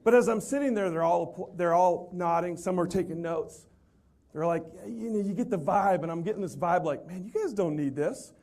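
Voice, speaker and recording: Male motivational speaker, fairly high voice, animated, self-deprecating humor. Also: normal speed. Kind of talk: humorous storytelling talk.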